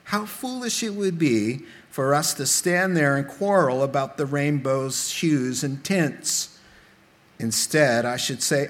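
A man preaching a sermon in a church, animated and humorous, making direct appeals to the congregation. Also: mid-range voice, slow pace. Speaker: pastor. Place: church sanctuary.

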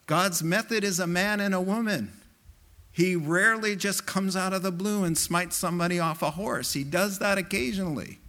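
A pastor preaching a sermon with impassioned, emphatic delivery, climbing into high quoted exclamations. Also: male voice, a bit bright.

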